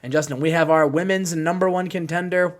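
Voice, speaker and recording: A man with a high, light voice narrates his wrestling simulation game to a co-host. He is animated and slips into character voices to act out the promos. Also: fairly quick. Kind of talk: narrating a wrestling sim playthrough.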